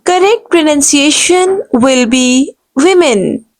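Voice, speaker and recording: Her voice sits high with lively intonation as she works slowly through a pronunciation video lesson. She says each word over and over and corrects mistakes emphatically with a string of "no"s, on a low-quality recording.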